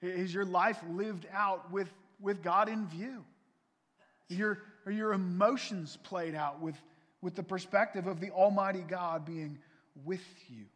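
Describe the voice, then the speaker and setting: High-voiced pastor preaching in a reverberant hall. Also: male voice, unhurried. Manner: earnest, pleading, swells louder then drops soft. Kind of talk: sermon. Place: church sanctuary. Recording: long reverb from a church hall.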